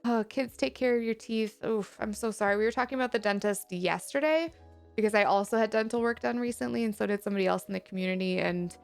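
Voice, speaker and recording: Gentle woman streamer with a touch of fry. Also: medium pitch, fast, faint music behind. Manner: gentle, reassuring and affectionate toward chat. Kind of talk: casual live-stream chat, reading chat aloud.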